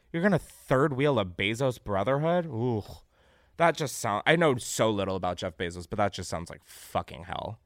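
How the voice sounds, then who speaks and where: Animated comedic podcast host, man. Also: medium pitch, dry recording, clean studio sound. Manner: animated, swears freely, laughs often, reacts loudly to what he reads.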